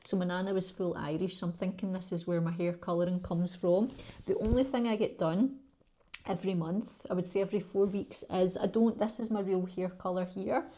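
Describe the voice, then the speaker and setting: A woman's voice: on the low side, fairly even intonation, fairly quick, mellow. A middle-aged Scottish woman from Glasgow, chatting in a rambling, friendly way and laughing between thoughts as she answers viewer questions in a beauty vlog. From Scotland. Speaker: beauty YouTuber.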